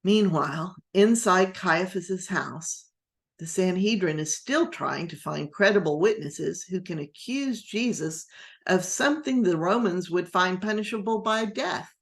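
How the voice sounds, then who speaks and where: A woman pastor teaching a Bible class in a gentle, rambling storytelling manner, sometimes acting out the quotes. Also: lowish voice, expressive, a little slow, creaky.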